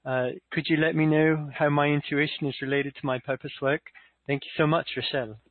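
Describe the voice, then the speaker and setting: A man's voice: fairly high pitch, flat delivery, brisk, dry recording, lightly acted. A man putting on an Australian woman's voice. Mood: cheery. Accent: Australian (put on). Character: woman listener reading her question, Australian accent. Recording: tinny phone-like line.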